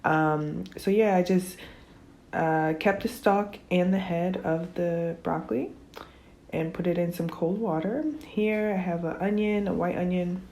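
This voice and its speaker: A woman's voice: fairly low pitch, a little slow, a little hiss or hum. A young woman with a just-woken morning voice, chatting casually through a cooking voice-over. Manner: relaxed, chatty, filler-heavy. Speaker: cooking vlogger.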